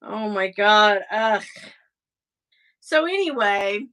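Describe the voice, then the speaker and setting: A woman's voice: mid-range voice, lively intonation, slow, fairly bright tone, smooth. A middle-aged woman chatting casually on her livestream, rambling and exasperated as she talks to her viewers. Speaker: livestream host.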